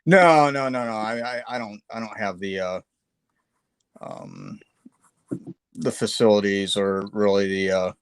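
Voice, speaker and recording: A man's voice: fairly low pitch, sing-song, a little slow, vocal fry, long pauses, smooth, no echo. A man hosting a live painting stream, chatting casually while he sketches, with lots of fillers and self-deprecating asides.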